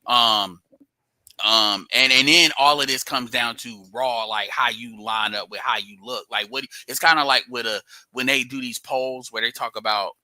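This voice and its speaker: A man's voice: medium pitch, steady tone, moderate pace, sharp tone, no echo, low-quality recording. A man hosting a casual stream chat, explaining his ideas in loose, rambling sentences full of restarts.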